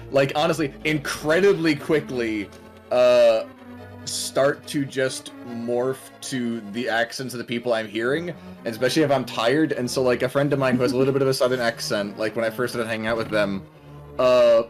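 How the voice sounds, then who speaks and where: A man's voice: medium pitch, fairly even intonation, moderate pace, faint music behind. A man chatting casually as a guest on a game stream, rambling and self-deprecating.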